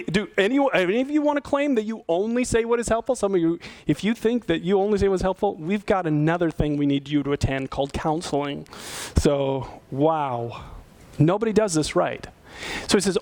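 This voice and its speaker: A middle-aged male pastor preaches in a conversational way, frequently posing questions to his listeners. His voice is high, with a darkish tone.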